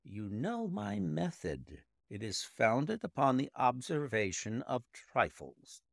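A man voicing a brilliant, precise male detective explaining his deductions in a measured way. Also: medium pitch, very animated, gravelly, no echo, studio quality, full character voice.

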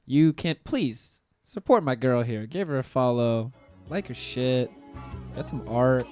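A man hosting a podcast, talking in a relaxed, slangy way and hyping up his guest. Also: mid-range voice, measured pace, faint music behind. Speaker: podcast host. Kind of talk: casual interview chat.

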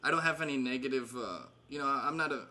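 A man's voice: medium pitch, quick pace, sharp tone. A man in his thirties casually catching up with old friends, rambling with fillers and laughing often. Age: 30s. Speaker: host.

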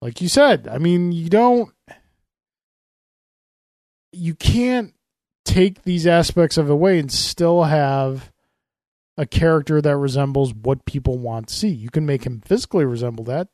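A male podcast co-host with a slightly high voice who talks things through in long, meandering stretches, circling back on himself as he goes. The sound is close and dry with no room around it. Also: lively intonation, unhurried, long pauses, darkish tone, dry recording. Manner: rambling, explanatory, with restarts. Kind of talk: casual chat.

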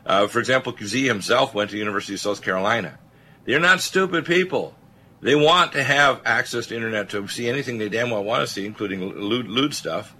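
A man's voice: medium pitch, a little fast, bright, forceful tone, a little hiss or hum. A man hosting a talk radio show, speaking emphatically and rambling with many filler uhs.

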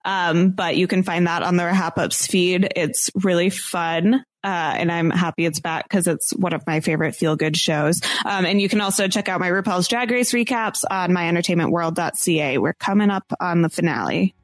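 A woman's voice: lowish voice, normal speed, hardly any pauses. A woman co-hosting a casual movie podcast, chatty and opinionated, often laughing as she talks. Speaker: podcast co-host. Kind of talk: casual chat.

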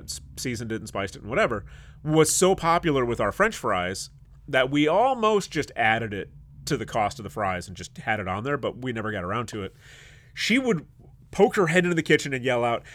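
A man's voice: mid-range voice, a bit bright. A man co-hosting a casual podcast, telling kitchen stories in a blunt, profane way and laughing often. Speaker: podcast co-host, former cook. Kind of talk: casual chat.

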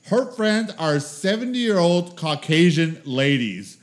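A man's voice: on the high side, moderate pace, few pauses. A man in his forties co-hosting a podcast, telling stories in casual chat with lots of laughter and swearing. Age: 40s. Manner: animated storytelling, laughs often, swears freely. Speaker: podcast co-host.

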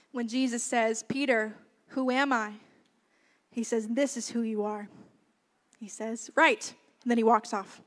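A young woman preaching a sermon, earnest and lively. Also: on the high side. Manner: earnest, lively, warm-hearted with laughs. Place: church hall. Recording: long hall reverb.

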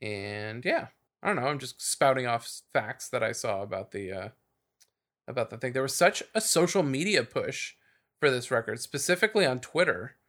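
An animated male co-host on a podcast talks at a moderate pace in a fairly bright mid-range voice. His casual chat rambles, peppered with fillers and restarts.

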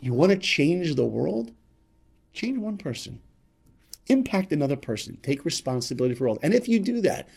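A man as a podcast guest telling a motivational story, emphatic and repetitive, swinging between loud and hushed. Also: a little high, very animated, normal speed, gravelly, slightly rough.

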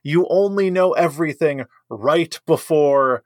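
A man's voice: fairly high pitch, a little slow, no echo, clean studio sound. A man co-hosting a casual movie review chat, enthusiastic and emphatic, laughing often. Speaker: podcast co-host.

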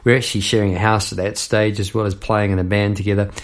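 A man's voice: lowish voice, little pitch movement, fast talker. A middle-aged man, hosting a podcast about his songwriting in a rambling, chuckling way. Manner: rambling, chuckling, with frequent fillers and asides. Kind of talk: reflective casual talk.

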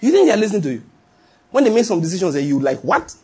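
A man's voice: sits high, big pitch swings, rapid-fire, warm tone, slightly rough. A man preaching a sermon, repeating lines and chuckling as he tells stories. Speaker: pastor.

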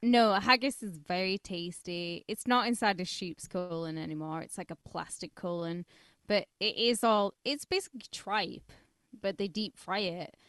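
A woman's voice: medium pitch, moderate pace, a bit bright, no echo, studio quality. A woman co-hosting a podcast, chatting bluntly and swearing freely. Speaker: podcast co-host. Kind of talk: casual chat.

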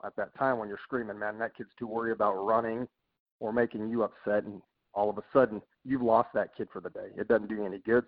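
A man, a college baseball head coach, talking in a casual podcast interview in a quick, earnest way with many fillers. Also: on the low side. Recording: tinny phone-line audio.

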